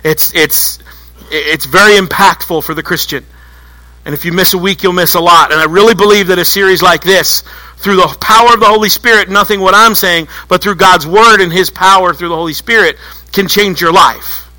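A man preaching a sermon to a church congregation, telling stories in an animated way and acting out little voices. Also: high-pitched, normal speed, rough recording. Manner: animated storytelling, acts out voices. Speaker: pastor.

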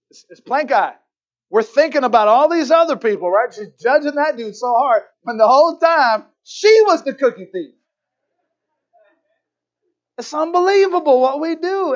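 A middle-aged man preaching a sermon, telling stories with lively acted-out voices. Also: sits high, lo-fi sound. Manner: storytelling, animated, acts out characters. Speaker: pastor.

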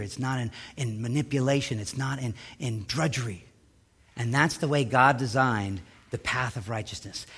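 A middle-aged pastor delivers a sermon, swinging between loud, emphatic lines and hushed, low asides.

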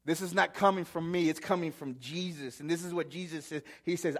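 A man preaching a sermon as pastor, repeating key words with long pauses and swinging from loud to hushed. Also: a little high.

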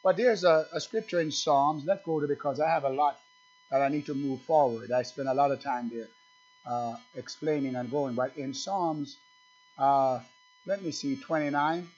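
A man preaching a sermon, emphatic and fervent, swinging from loud bursts to low conversational asides and quizzing his congregation. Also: normal speed, soft background music. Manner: asks the congregation questions. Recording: dull lo-fi church recording.

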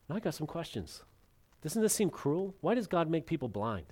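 A man preaching a sermon as pastor, acting out the quotes and swinging between loud emphasis and hushed, dropped lines. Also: fairly high pitch, big pitch swings, moderate pace, breathy edge.

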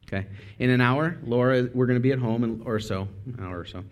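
Male preacher, casual talky sermon style, mid-pitched, asides, corrects himself. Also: brisk. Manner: conversational, with asides and self-corrections. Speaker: speaker.

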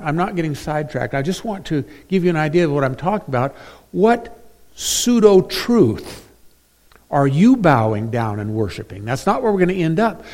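A pastor with a somewhat high voice preaches an emphatic sermon, alternating between loud, stressed phrases and quiet drops.

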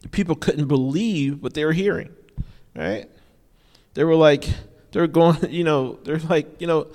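The long reverb of a large hall carries this man's informal preaching. His voice is a little high with a darkish tone, and he speaks somewhat slowly, repeating key phrases for emphasis and often dropping in "you know."

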